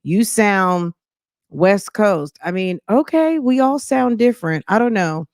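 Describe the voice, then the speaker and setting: A woman's voice: mid-range voice, lively intonation, darkish tone, no echo, clean studio sound. Sassy chatty woman from jersey. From New Jersey. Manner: chatty, sassy and judgy, drawn-out asides. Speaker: reaction channel host. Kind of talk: casual commentary.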